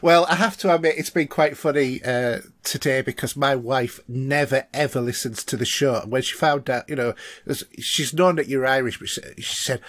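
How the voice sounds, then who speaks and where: A man's voice: mid-range voice, fairly even intonation, fairly quick, few pauses, fairly bright tone. A middle-aged man co-hosting a casual podcast, chatty and rambling with lots of fillers. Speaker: podcast co-host.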